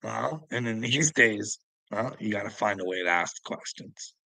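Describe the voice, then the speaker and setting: A man's voice: lowish voice, lively intonation, moderate pace, gravelly, sharp tone, no echo, rough recording. A middle-aged man hosting a livestream, rambling in casual chat, laughing often and swearing as he talks to viewers. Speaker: livestream host.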